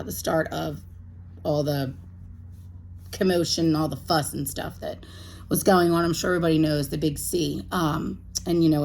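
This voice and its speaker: Emotional, halting woman with a low voice. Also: darkish tone, slight background noise, low-quality recording. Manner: halting, full of ums and restarts, emotional. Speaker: vlogger. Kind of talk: candid personal chat to camera.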